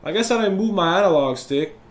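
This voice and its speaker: A young man calls a basketball video game live, fired up and griping at his opponent. His voice sits a little high and rings in an echoey room. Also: animated, fairly quick. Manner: competitive, yells and complains at opponent. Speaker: gaming YouTuber. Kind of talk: live gameplay commentary.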